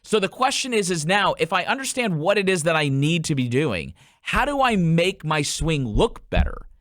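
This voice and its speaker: A lively man talks golf technique like a coach on his own podcast, his pitch rising and dipping with energy as he acts out anecdotes. His voice sits a touch higher than most men's, and the recording is close and dry with no room sound. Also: normal speed, dry recording. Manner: animated storyteller, acts out quotes in changed voices. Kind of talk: casual podcast coaching talk.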